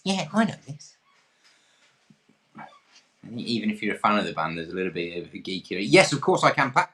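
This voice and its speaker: A man's voice: lowish voice, fairly bright tone. A man from England hosting an online pub quiz, reading questions in a jokey, self-deprecating way. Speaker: quiz host.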